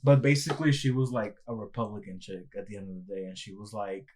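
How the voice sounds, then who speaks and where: A man's voice: on the low side, quick pace, darkish tone. A man co-hosting a casual podcast, talking loosely and rambling with lots of filler words. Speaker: podcast co-host.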